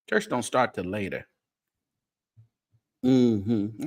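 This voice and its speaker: A man hosting a late-night livestream of gossip commentary, chatty and teasing, talking straight to his viewers with drawn-out exclamations. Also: medium pitch, expressive. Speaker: show host.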